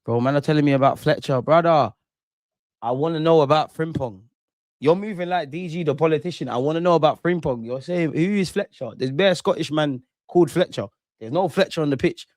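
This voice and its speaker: Give me an excitable young man in his own voice, trading banter with his chat during a live football match, in a dry, close recording. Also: a little high, fairly quick, no room sound. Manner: excitable, banter-heavy, trash-talking. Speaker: streamer hosting a football watch-along. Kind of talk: casual live commentary, chatting with viewers.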